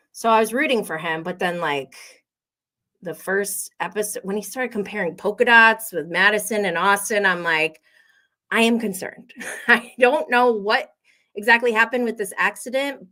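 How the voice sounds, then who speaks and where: An American woman with a medium-pitched, fairly bright voice hosts a casual reality TV recap. She's chatty and opinionated, laughing often and using plenty of filler words.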